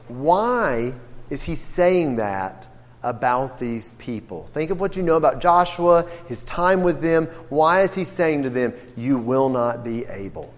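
A man's voice: mid-range voice, animated, a little slow, long reverb tail. A man teaching an interactive Bible class, asking the group questions and acting out what the characters say. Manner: questioning, emphatic, acts out quotes.

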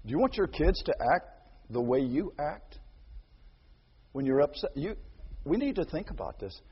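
A man preaches with a husky voice that rides high and swings wildly in pitch, acting out every voice he quotes. His sermon rings through a large hall with a long reverb. The recording sounds dull and lo-fi. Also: moderate pace. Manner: animated storytelling, acts out quotes, rising to near shouts. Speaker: pastor.

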